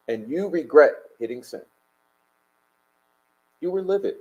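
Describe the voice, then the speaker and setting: A man's voice: medium pitch, lively intonation, measured pace, pauses often, dark tone, poor audio. A man hosting a casual livestream, rambling and swearing emphatically as he chats and answers viewer comments. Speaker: livestream host.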